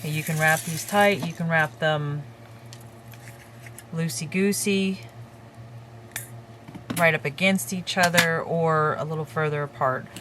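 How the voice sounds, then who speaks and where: A woman hosting a crafting tutorial, calmly talking through each step while she works with her hands. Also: sits low, background noise. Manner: calm, unhurried, talks while working with her hands.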